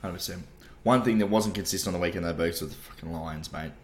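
A deep-voiced Australian man co-hosting a casual podcast. He talks in a loose, blokey way, peppered with swearing and "mate". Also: fast, slight background noise. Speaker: podcast co-host. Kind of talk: casual chat.

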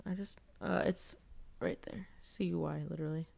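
A woman's voice: lowish voice, steady tone, normal speed, creaky, darkish tone. A young woman co-hosting a podcast, casually chatting and reading listener stories aloud, giggling and swearing freely. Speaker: podcast co-host.

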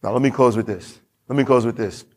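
A man's voice: medium pitch, fast talker. A man preaching a sermon as pastor in a church, emphatic and given to repeating his lines and reading scripture aloud.

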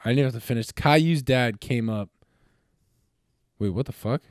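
A man co-hosting a casual podcast, bantering with lots of swearing and excitable outbursts. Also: medium pitch, moderate pace, no room sound, studio quality. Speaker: podcast co-host. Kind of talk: casual chat.

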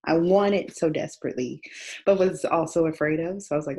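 A woman's voice: deep voice, brisk, dark tone, husky. A woman guest telling her personal story in an earnest, heartfelt way. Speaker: guest author. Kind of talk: candid personal interview.

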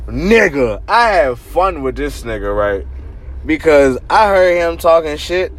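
A man hosting a podcast, telling a story casually with lots of swearing and animated laughter. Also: medium pitch, slow pace. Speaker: podcast host.

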